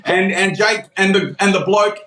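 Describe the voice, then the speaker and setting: A man's voice: sits high, normal speed, pushed and bright. A man in his forties with an Australian accent, calling in to tell a story, laughing and swearing as he acts out the voices in his yarn. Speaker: caller. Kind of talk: casual storytelling. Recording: echoey call-in line with faint noise.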